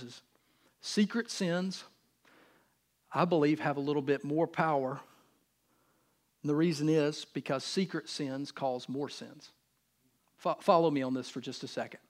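A man preaching a sermon in a relaxed, conversational way. His voice sits somewhat high. He moves from loud, emphatic bursts to quiet, near-whispered asides and slips into casual voices for the people in his stories. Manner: acts out God and others in casual voices. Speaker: pastor.

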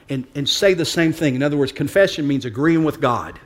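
A pastor preaching a sermon to his church, talking plainly and swinging between hushed asides and emphatic points. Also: on the high side, brisk.

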